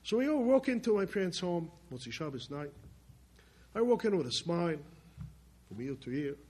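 A man telling a personal story in plainspoken speech, swinging between loud emphatic bursts and quiet low passages. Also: very animated, moderate pace, a little hiss or hum. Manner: plainspoken, with restarts and loose grammar. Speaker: speaker telling his life story.

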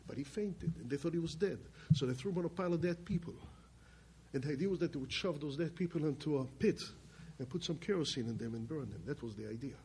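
An older man giving a spoken testimony from his family's past, emphatic and halting. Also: on the high side, darkish tone, breathy edge. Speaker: storyteller.

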